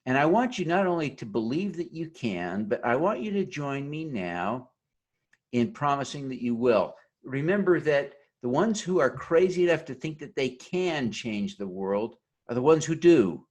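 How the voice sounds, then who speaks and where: A man's voice: mid-range voice, sing-song, moderate pace, darkish tone. A man giving a motivational conference talk over a video call, earnest and leading the audience in an oath. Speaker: keynote speaker.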